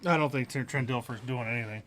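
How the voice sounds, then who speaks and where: A man co-hosts a relaxed football talk show. He hedges his picks, trails off and restarts as he thinks out loud, with an easy conversational delivery. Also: mid-range voice, quick pace, background noise. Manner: hedging, thinks aloud with restarts. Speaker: co-host. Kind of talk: casual sports chat.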